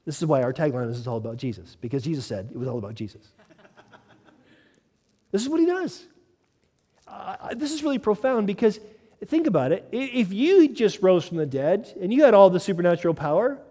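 A man preaching a sermon as pastor, animated, acting out quoted lines and laughing as he goes. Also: high voice, fairly quick. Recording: long reverb of a large hall.

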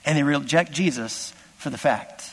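A man's voice: on the high side, moderate pace. Impassioned male preacher in a reverberant hall. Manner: impassioned, swings from loud exclamations to hushed asides. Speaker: pastor. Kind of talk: sermon.

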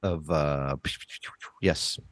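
A man playing a tabletop game, thinking aloud in a relaxed way as he plans his moves. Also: extremely low pitch, extremely slow, no room sound, studio quality. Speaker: player.

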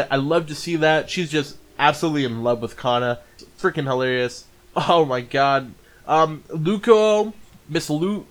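A man casually reviewing anime in an enthusiastic, rambling way, often restarting his sentences. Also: on the high side.

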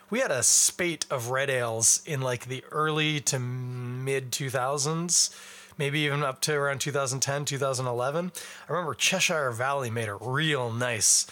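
A man's voice: mid-range voice, sharp tone. A middle-aged man from Canada hosting a beer podcast in a chatty, wry, rambling way. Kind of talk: casual beer review chat.

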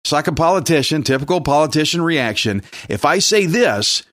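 A man's voice: a little high, expressive, brisk, fairly bright tone, no room sound, studio quality. Plainspoken man teaching a sermon. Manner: conversational, plainspoken, asks the listeners questions. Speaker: pastor. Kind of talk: expository Bible teaching sermon.

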